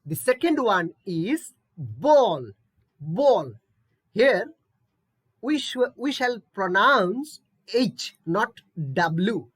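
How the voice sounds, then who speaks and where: A woman's voice: medium pitch, big pitch swings, extremely slow, husky. A woman teaching English pronunciation in an online lesson, patiently repeating words and checking in with "okay?".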